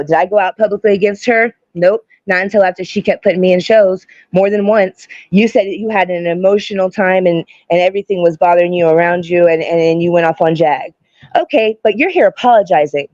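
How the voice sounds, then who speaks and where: A woman's voice: medium pitch, no echo. Blunt, confrontational woman on a lo-fi stream. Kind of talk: heated casual argument. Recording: dull lo-fi stream audio.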